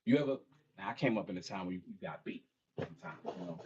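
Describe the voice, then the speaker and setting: A man's voice: mid-range voice, huge pitch swings, moderate pace, vocal fry, long pauses, lo-fi sound, a loud crowd. A middle-aged man, an author and mentor, talking casually to a small audience at a bookstore launch, often saying "you know what I mean.". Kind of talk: casual talk and a cappella spoken-word song.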